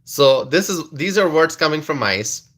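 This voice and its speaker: A man with a slightly high, expressive, fairly bright voice chats about politics on a casual livestream to live viewers. His pace is slow and drawn out, full of restarts, laughter and lines repeated for effect.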